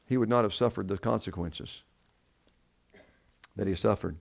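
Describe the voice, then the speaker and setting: A man's voice: fairly low pitch, normal speed, gravelly. Man preaching a Bible sermon. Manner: questions the congregation and answers himself. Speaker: pastor.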